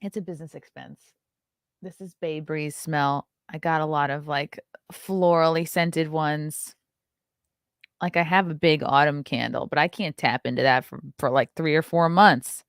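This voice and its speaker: A woman's voice: low voice, steady tone, measured pace, smooth, no room sound, clean studio sound. A woman in her thirties hosting a casual morning show, chatty and sarcastic, swearing freely. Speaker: show host.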